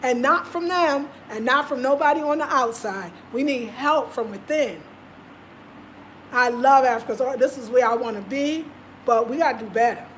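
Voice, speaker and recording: A woman's voice: high voice, moderate pace, a bit bright, a little hiss or hum. A woman vlogger talking casually and passionately, repeating her points for emphasis. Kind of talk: casual live-stream talk.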